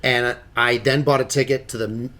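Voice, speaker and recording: A man co-hosting a casual podcast chat, telling movie stories with big playful jumps in his voice. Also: moderate pace. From Illinois, USA. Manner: animated storyteller, jumps pitch when joking. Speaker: podcast co-host.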